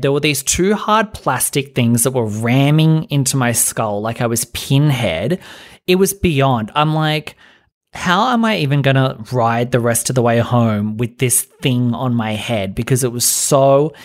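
An Australian man rants as a podcast host, indignant and sweary, recounting a run-in and slipping into mocking voices for the people he quotes. His pitch sits in a middling range for a man, and his talk is loose and casual. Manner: indignant, profane, quotes others in mock voices. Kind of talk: casual rant.

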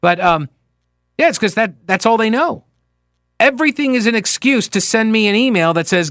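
A man hosting talk radio, mocking and wry as he reacts to clips. His voice sits high and swings widely in pitch. The sound is dry and close to the mic. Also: normal speed, dry recording. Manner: mocking, wry, animated interjections. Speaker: radio talk show host. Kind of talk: sarcastic political commentary.

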